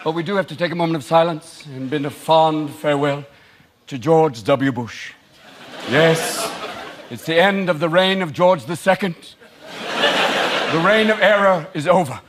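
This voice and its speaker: A stand-up comedian with an American accent, in a manic style that bursts into shouted voices, on a large theatre stage. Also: male voice, on the high side, moderate pace, pauses often, very noisy. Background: loud laughing audience.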